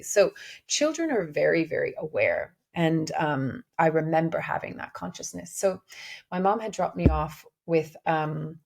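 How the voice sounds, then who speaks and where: A woman muses aloud in a reflective spiritual podcast monologue. Her voice is low, gravelly and husky. She talks earnestly and often restarts her sentences as she searches for words. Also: expressive, normal speed, a little mellow. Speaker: podcast host.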